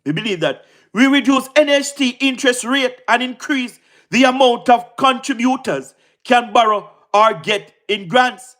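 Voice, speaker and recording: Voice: medium pitch, lively intonation, measured pace, fairly bright tone. A speaker with a Jamaican accent delivering a casual political monologue, fervent and repetitive, mixing patois with standard English and checking in with the listener again and again. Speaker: political commentator.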